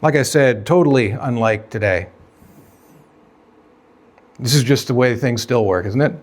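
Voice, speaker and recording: A man's voice: mid-range voice, a little slow. A man preaching a sermon as pastor, conversational, asking the congregation questions and acting out quoted dialogue.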